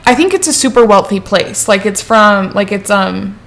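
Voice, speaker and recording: A young woman co-hosting a podcast, chatting and gossiping in an animated way. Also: medium pitch, moderate pace. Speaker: podcast co-host. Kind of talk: casual chat.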